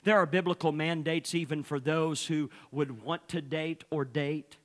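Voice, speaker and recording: A man's voice: on the high side, fairly even intonation, a little slow. A male pastor preaching a fervent sermon, opening nearly every phrase with "uh".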